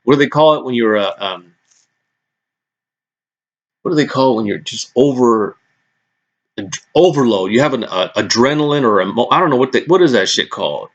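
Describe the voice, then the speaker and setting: A man in a casual vlog rant, worked up and swearing freely as he talks. He often restarts and stumbles over his sentences. His voice sits at an ordinary male pitch. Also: normal speed, pauses often, dull audio. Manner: excitable, swears a lot, frequent restarts. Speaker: vlogger recapping press conferences.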